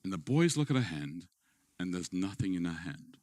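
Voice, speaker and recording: A middle-aged man preaching, telling a family story, moving between playful, animated moments and quiet, hushed ones. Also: deep voice, normal speed, no echo, studio quality. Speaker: pastor. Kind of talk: sermon with personal story. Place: event hall with an audience.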